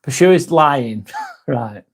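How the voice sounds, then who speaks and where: A man's voice: mid-range voice, expressive, slow pace, husky. A young man with a Northern English accent, hosting a casual live stream, joking and swearing lightly as he reads viewer comments aloud, tired late at night. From north of England.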